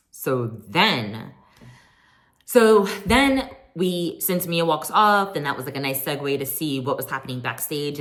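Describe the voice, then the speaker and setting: A woman recapping a reality TV reunion in a chatty, sassy way, quoting people in animated voices. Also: low voice. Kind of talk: casual chat recap.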